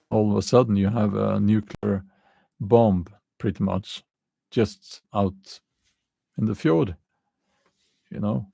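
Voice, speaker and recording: A man with a non-native English accent, hosting a casual livestream and answering chat comments in a halting way, with many fillers and frequent chuckles. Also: on the low side, creaky, mellow, dry recording. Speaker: channel host answering live chat.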